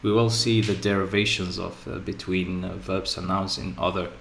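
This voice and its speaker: A man teaching English word stress in a slow, repetitive lesson, often pausing with "okay" and "so". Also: sits low, little pitch movement, vocal fry, fairly bright tone. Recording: echoey room with faint ambient noise.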